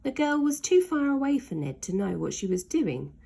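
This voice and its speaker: A woman reading a children's story aloud in an expressive, dramatic storytelling manner. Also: high voice, moderate pace, vocal fry, slightly rough.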